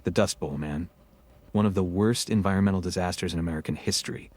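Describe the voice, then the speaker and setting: A man's voice: sits low, fast, a little mellow. A man co-hosting a scripted podcast, telling history with wry jokes. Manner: joking, wry storytelling. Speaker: co-host.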